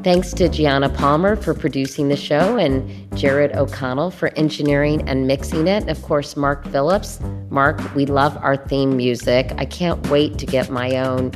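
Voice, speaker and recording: A middle-aged woman hosts a podcast in a casual, chatty way and teases her co-host. Her voice is very deep for a woman. Theme music plays clearly behind her. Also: fairly even intonation, normal speed. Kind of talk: casual podcast chat and sign-off.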